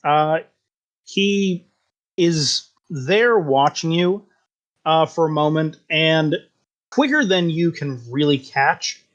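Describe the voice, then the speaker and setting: A man's voice: on the high side, fairly bright tone. A man running a tabletop game as game master, narrating loosely with many fillers.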